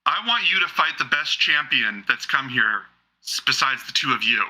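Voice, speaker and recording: A man voicing a king who addresses his arena crowd in a slow, showy way. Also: mid-range voice, lively intonation, pushed and bright, low-quality recording. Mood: grand. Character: grandstanding male king hosting games.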